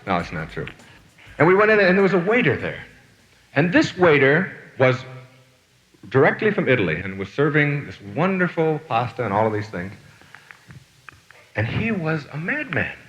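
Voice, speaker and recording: A man's voice: fairly high pitch, very animated, moderate pace, long pauses, a bit bright, big-room sound, muffled recording. A man giving a motivational lecture, telling stories and asking the audience rhetorical questions. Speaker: motivational speaker.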